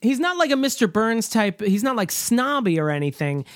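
A podcast co-host in casual movie review chat, talking with many fillers and restarts and slipping into quick mock voices when quoting. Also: mid-range voice, big pitch swings, no echo, clean studio sound. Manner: chatty, lots of fillers and restarts.

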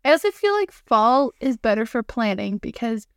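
A young woman co-hosting a podcast in casual chat, animated and quick to act out little quoted lines. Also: on the high side, no echo, studio quality. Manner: chatty, animated, quotes herself in voices. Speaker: podcast co-host.

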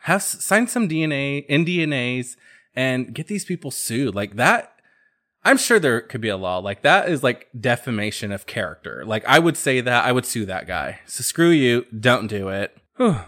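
A man's voice: medium pitch, moderate pace. A man hosting a podcast, chatting casually and sassily about pop culture gossip. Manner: sassy, chatty, animated storytelling. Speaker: podcast host.

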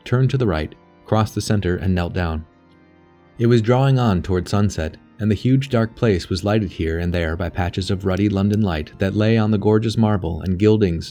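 A man narrating a novel aloud in a measured, even way. His voice sits slightly low for a man. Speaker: audiobook narrator. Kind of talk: scripted narration.

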